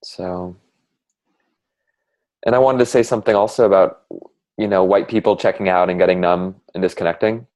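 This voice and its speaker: A man with a deep, low voice speaks in a reflective, halting way, filling pauses with fillers. He is in a candid, heartfelt one-on-one conversation. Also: steady tone, darkish tone. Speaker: conversation partner sharing reflections.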